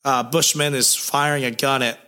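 Bright-voiced man, slightly hoarse. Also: mid-range voice, steady tone, normal speed. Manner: laid-back, sarcastic, swears casually. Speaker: podcast co-host recapping comics. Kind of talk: casual chat.

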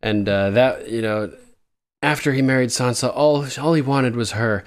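A man talking through a TV episode in a loose, casual way. He jumps into the characters' lines as he goes. His voice sits at an ordinary middle pitch. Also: normal speed, smooth. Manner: animated, acts out character lines in quotes. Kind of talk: casual TV recap chat.

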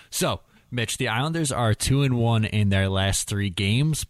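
Low-voiced man co-hosting a chatty podcast. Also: expressive, no echo, studio quality. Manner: teasing, chatty, quick to laugh. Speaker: podcast co-host. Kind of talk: casual podcast chat.

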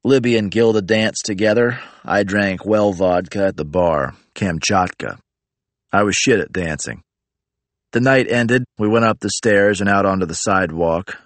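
A man reading a first-person story in a flat, profane, matter-of-fact way. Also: on the low side, normal speed, no room sound. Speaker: narrator.

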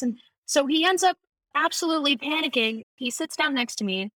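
A young woman chatting as a podcast guest, telling animated, quick stories with a laugh. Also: high-pitched, no room sound. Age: young adult. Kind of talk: casual chat.

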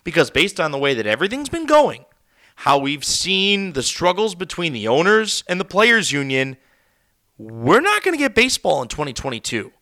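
A man's voice: a little high, huge pitch swings, moderate pace, bright, forceful tone. A man hosting a solo sports podcast from a studio, ranting heatedly and sarcastically. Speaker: podcast host. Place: recording studio.

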